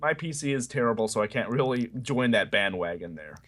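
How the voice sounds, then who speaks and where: A young man, a gamer and college student, chatting as a podcast guest, relaxed and joking about himself. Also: mid-range voice, a little fast. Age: young adult. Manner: relaxed, joking, self-deprecating. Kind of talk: casual podcast chat.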